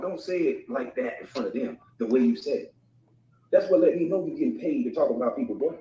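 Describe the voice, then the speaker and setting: A man's voice: fairly high pitch, slight background noise. A man in a heated call-out rant, mocking and profane, taunting the person he is addressing. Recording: echoey, far from mic.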